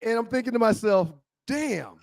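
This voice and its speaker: Man, animated storyteller, very high pitch, shouts in character, dry close sound. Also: normal speed, gravelly, no room sound. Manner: acts out a cop's voice, loud and shouting. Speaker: co-host telling a story.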